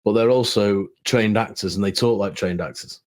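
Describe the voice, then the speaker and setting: A man co-hosting a podcast in a casual film discussion, thoughtful and measured, explaining his views in long trailing phrases. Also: on the low side.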